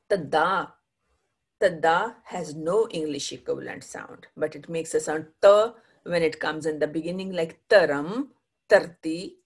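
A woman teacher leads a pronunciation lesson in a low, slightly husky voice. She models each sound, has students repeat it, and keeps checking understanding with a quick "right?". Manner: patient, drills pronunciation with repeat-after-me prompts. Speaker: Punjabi language teacher. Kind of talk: classroom language lesson.

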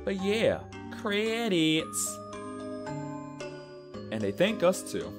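A man's voice: high voice, very animated, extremely slow, music in the background. A man casually commenting on a game he is playing, chatty and self-mocking. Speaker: let's-play narrator.

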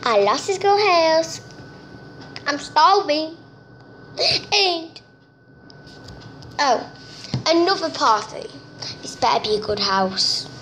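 A young woman giving chatty, excitable gameplay commentary, nervous and talkative, recorded on a phone. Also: sits high, slow pace, pauses often, slight background noise. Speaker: gamer. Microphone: phone screen-recorder mic.

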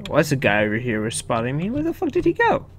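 A man's voice: mid-range voice, huge pitch swings, fast, over music. A young man casually commenting on his own gameplay, swearing, chuckling and talking to himself. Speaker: gaming video host. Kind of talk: casual let's-play commentary.

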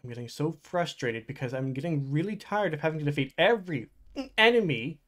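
A man's voice: on the high side, lively intonation, brisk, fairly bright tone. A man giving casual let's play commentary as he plays, talking to himself with frustrated outbursts and exclamations. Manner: frustrated, exclamatory, talks to himself while playing. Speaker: gaming channel host.

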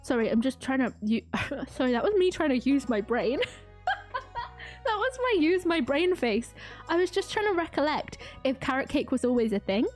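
A woman streamer giving excitable, giggly live commentary while playing a game. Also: sits high, normal speed, soft background music.

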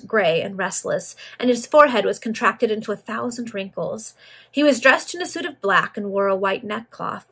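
A woman reading an old novel aloud, her voice slightly husky and breathy. She keeps a steady pace at a middling pitch and now and then stumbles over a word and corrects herself. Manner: steady, with occasional misreadings. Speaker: reader.

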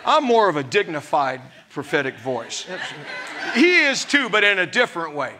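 A man's voice: on the high side, big pitch swings, normal speed, a crowd in the background, background noise. A middle-aged male pastor preaching a sermon to his congregation, laughing often and acting out voices from scripture.

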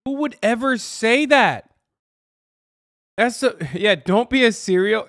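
A man's voice: very high-pitched, slow, pauses often, fairly bright tone, dry recording, studio quality. A man streaming live reaction commentary, incredulous and sarcastic, swearing freely.

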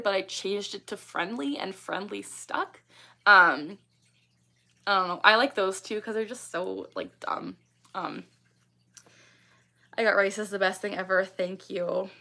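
A woman's voice: medium pitch, a little slow, bright, forceful tone. A young woman hosting a casual livestream, reading viewer comments and chatting with lots of ums and likes. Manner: chatty, many ums and likes, laughs often. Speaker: livestream host.

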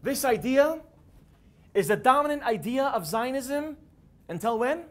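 A man giving a classroom lecture, animated and building to emphatic peaks. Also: extremely high pitch, measured pace.

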